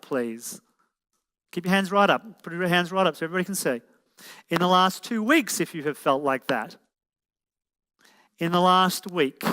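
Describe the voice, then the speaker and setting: Man, seminar presenter, bright tense voice, reverberant hall, quizzes the audience. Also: high-pitched, smooth. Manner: addresses the audience directly, asks for shows of hands. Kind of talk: motivational seminar talk. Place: seminar room with a live audience. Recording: echoey hall.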